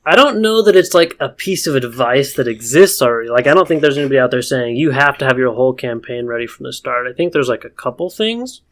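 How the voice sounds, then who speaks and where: A man's voice: medium pitch, animated, quick pace, few pauses. A man co-hosting a casual podcast about tabletop games, talking in a rambling way with many fillers and restarts. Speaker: podcast co-host.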